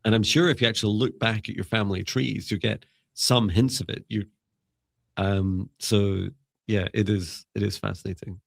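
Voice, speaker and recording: A man's voice: lowish voice, steady tone, moderate pace, vocal fry, no echo, clean studio sound. A man co-hosting a live spiritual reading stream, chatting casually in a rambling, musing way and laughing often. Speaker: psychic mentor and live show co-host.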